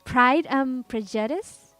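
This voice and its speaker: High-voiced, unhurried chatty woman streamer. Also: fairly bright tone, dry recording, faint music behind. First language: Spanish. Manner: rambling, chatty, giggly, restarts words. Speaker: artist streaming a drawing session. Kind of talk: casual live-stream chat.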